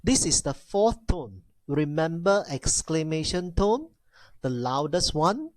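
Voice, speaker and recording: Man, language teacher, unhurried, repeats himself, exaggerated tone demos, dry sound. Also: fairly high pitch, sing-song, no echo. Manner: repeats key phrases, addresses class as ladies and gentlemen; demonstrates tones with exaggerated sounds. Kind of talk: classroom lecture.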